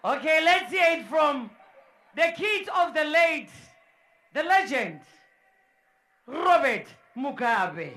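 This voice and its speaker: A woman MCs a live sports event in an indoor dome. She speaks slowly, with a bright, piercing tone. She hypes the crowd with loud, repeated shouts. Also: high-pitched, very animated. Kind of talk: live crowd hype and welcome speeches.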